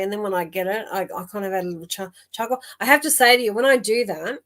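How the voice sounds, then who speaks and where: A woman's voice: medium pitch, fast talker. Chatty woman live-streaming. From Australia. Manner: chatty, warm-hearted, laughs often, many fillers and restarts. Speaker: psychic medium host of a live stream.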